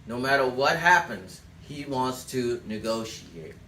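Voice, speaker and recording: A man's voice: mid-range voice, lively intonation, a little slow, bright, forceful tone, a little hiss or hum. A man teaching a sales class, giving direct instructions and telling listeners to write things down. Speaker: sales trainer. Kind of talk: sales coaching talk. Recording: echoey room, distant mic.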